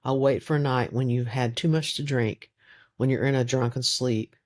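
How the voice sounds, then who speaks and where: A man's voice: mid-range voice, steady tone, normal speed, close to an everyday voice. Give me a protective peasant woman, read by a man, cold and emphatic in an audiobook. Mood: menacing. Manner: cold, cutting, emphatic threats.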